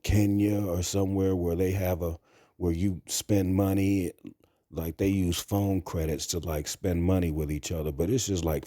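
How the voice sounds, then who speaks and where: A man's voice: low voice, warm tone, no room sound, clean studio sound. A man talking to camera in a blunt, crude, rambling monologue. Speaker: vlogger. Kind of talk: casual monologue.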